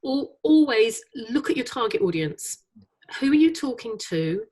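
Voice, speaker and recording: A middle-aged woman chairing an advertising awards jury, answering interview questions in a lively, chatty way with many fillers. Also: on the high side, moderate pace. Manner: animated, many fillers, laughs easily.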